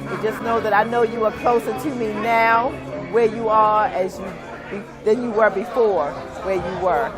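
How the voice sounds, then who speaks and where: A woman speaks a tender farewell, close to tears. Her pitch sits in the middle. Music and crowd chatter come through clearly behind her. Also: fairly even intonation, normal speed. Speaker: friend giving a tribute. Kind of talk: tearful spoken farewell.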